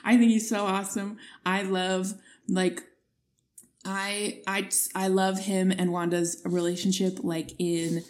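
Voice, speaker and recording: A woman's voice: mid-range voice, little pitch movement, slow pace, a little mellow. Young woman, podcast co-host, gushing, casual chat. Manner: gushing, enthusiastic, filler-heavy.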